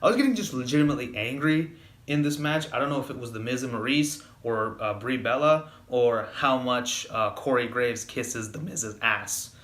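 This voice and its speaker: A man's voice: medium pitch, normal speed, a bit bright, echoey room. A man giving a casual spoken wrestling review, rambling with lots of fillers and restarts, getting heated when annoyed.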